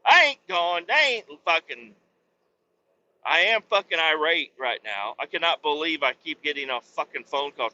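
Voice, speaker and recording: A man's voice: a little high, lively intonation, moderate pace, muffled recording. Foul-mouthed man ranting on a headset. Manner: swears constantly, rants loudly. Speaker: podcast host. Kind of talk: profane rambling monologue. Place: driving a truck.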